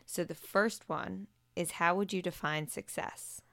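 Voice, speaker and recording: A young adult woman hosts a podcast from a home basement, chatting casually with her grandmother in a friendly interview and laughing easily. Her voice is lowish, creaky, pushed and bright, with a steady tone, a measured pace and no echo.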